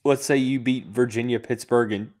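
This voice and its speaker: A young man hosts a podcast, thinking aloud about sports in a casual way with lots of fillers and restarts, all while he has the hiccups. His medium-pitched voice is steady and darkish, at a normal speed.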